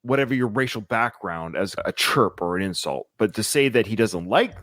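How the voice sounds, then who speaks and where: Podcast host, man, lively delivery, dry close sound, laughs easily. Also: fairly low pitch, moderate pace, dry recording. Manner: lively, laughs often, reads and recaps scenes. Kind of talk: casual chat.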